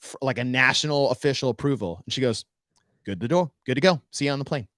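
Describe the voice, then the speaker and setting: Podcast co-host, male, animated storyteller who voices the people in his story, dry close mic. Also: medium pitch, fast talker, no echo. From United States. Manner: animated storyteller acting out dialogue. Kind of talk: casual storytelling chat.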